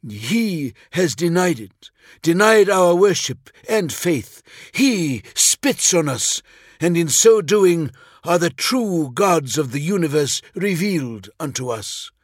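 Guy doing a zealous dark priest, hissy and fervent, slow and husky, pitched up high. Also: big pitch swings, no room sound, studio quality, full character voice. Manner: impassioned, rising, hissing.

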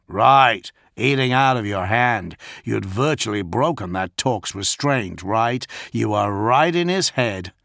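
Man voicing swaggering gunman, breezy mocking drawl, slightly raised pitch, dry close audiobook sound. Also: expressive, measured pace, creaky, few pauses, fairly bright tone, no echo, exaggerated voice. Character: cocky, slovenly male gunman, cheerfully ruthless.

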